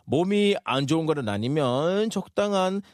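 Upbeat man co-hosting radio, rapid-fire delivery with a bit of high pitch. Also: expressive, no room sound, studio quality. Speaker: radio co-host. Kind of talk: bilingual radio chat.

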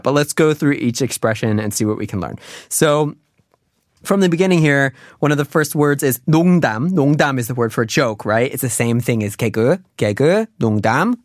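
A man in the middle of his range, patiently walking through a language lesson. He talks in a relaxed, loose way full of little fillers. The recording is dry and close, with no room sound. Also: mid-range voice, no room sound. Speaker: language teacher. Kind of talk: casual explanatory lesson.

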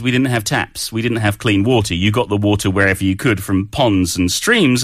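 A man's voice: mid-range voice, a bit bright, no echo, clean studio sound. A man co-hosting a casual chat about English idioms, easygoing and joking as he tells word origins. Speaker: co-host.

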